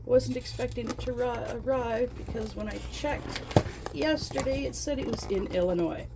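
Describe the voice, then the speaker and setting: A woman chatting casually while unboxing craft kits in her trailer home, gasping and gushing with excitement over each item. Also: on the high side, moderate pace, heavy background noise. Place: inside her fifth-wheel trailer home.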